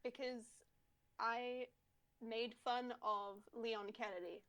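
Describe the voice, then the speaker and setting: A woman's voice: on the high side, fairly even intonation, slow, a bit bright. A woman in casual chat as a tabletop game player, rambling, swearing and laughing often.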